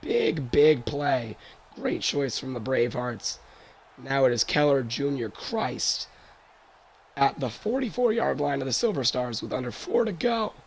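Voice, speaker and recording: A hoarse young man doing play-by-play commentary of a football game, his worn-out voice jumping high on big plays. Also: lively intonation, unhurried. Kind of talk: solo sports commentary over a video game.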